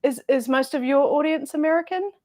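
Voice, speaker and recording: A woman's voice: sits high, fairly quick. A middle-aged woman, a quilting guest telling stories in a chatty, easy-laughing way. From New Zealand. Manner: chatty, laughs easily, lively storyteller. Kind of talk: casual chat.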